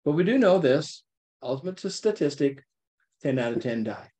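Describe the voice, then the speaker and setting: A man teaching an informal Bible study, talking with his listeners in a lively, playful way and often checking in with them. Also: fairly high pitch, moderate pace. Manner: conversational, checks in with frequent "okay?".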